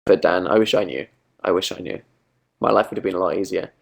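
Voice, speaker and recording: A young British man hosts a casual livestream, reading out viewer comments and tossing in self-mocking asides. His voice sits low, with vocal fry, and he talks fast.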